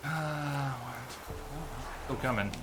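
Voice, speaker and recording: A man streaming a game, thinking aloud in casual commentary with sudden loud outbursts. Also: mid-range voice, very slow, very noisy. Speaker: gameplay streamer.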